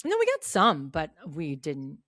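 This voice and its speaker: A woman's voice: measured pace, no echo, studio quality. A middle-aged woman co-hosting a casual podcast, telling stories and acting out quotes. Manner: animated storyteller, acts out quotes in a high voice. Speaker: podcast co-host. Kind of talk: casual chat.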